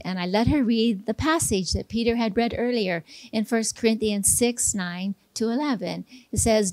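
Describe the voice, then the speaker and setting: A woman's voice: medium pitch, moderate pace, a little mellow, no room sound. A pastor's wife sharing a testimony in a church service, earnest and story-driven, acting out the dialogue she recounts.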